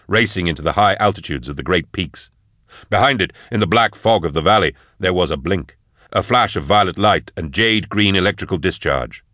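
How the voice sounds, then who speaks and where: A man reading scripted narration from an audiobook, in a steady, measured way. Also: low voice, no echo, studio quality.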